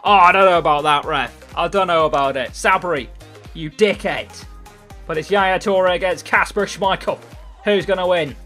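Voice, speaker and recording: A young man giving excitable live gameplay commentary, swearing freely and swinging between low mutters and loud outbursts. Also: moderate pace, faint music behind. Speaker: gaming YouTuber.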